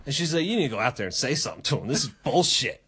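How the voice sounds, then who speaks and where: A man's voice: medium pitch, racing, crowd noise. A man hosting a podcast, telling a story in casual chat, swearing and acting out the people in it. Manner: animated, profane, acts out voices while telling stories. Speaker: podcast host.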